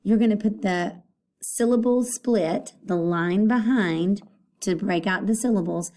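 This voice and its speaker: A woman's voice: mid-range voice, a little slow, mellow. A woman teaching an elementary phonics lesson, patiently saying each word aloud and repeating it for young children.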